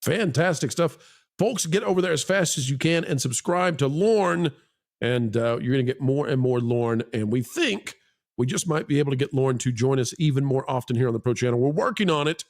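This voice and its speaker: On a livestream panel chat, a male host with a medium-pitched voice talks a little fast. He teases his co-hosts, jokes around, reads out donations and drops plugs, rambling along with fillers.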